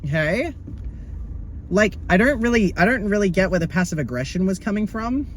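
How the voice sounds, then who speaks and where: A high-pitched young man chats through his video diary with theatrical sass. He swears freely and flies into exasperated outbursts. Faint car noise sits behind him. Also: expressive, moderate pace. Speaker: vlogger.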